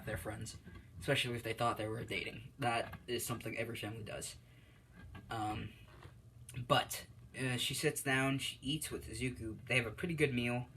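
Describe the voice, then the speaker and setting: A man casually telling a fan story off the top of his head. He rambles, backtracks and fills gaps with ums and uhs. His voice sits at an ordinary pitch, with a faint hum of room noise behind him. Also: a bit bright, low-quality recording. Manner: rambling, many fillers and self-corrections.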